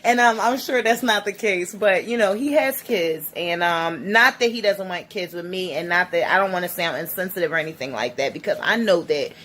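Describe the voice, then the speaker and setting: A woman's voice: on the low side, fairly bright tone, slight background noise. A woman in her thirties speaking in a casual personal vlog, teary and rambling, with many restarts. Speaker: vlogger.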